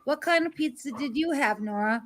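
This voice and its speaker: Chatty high-voiced woman. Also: brisk. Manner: chatty, explains things. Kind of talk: casual group chat.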